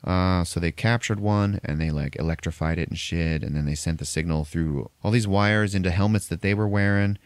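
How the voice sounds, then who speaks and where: With a low-pitched voice and a moderate pace, this male podcast host runs through a movie's story casually and profanely, barely pausing. There's no echo on the recording.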